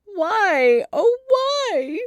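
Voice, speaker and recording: A woman reading aloud and voicing a flustered young society woman who wails in dramatic exasperation, high above her own voice. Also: expressive, unhurried, no echo, studio quality. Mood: distraught.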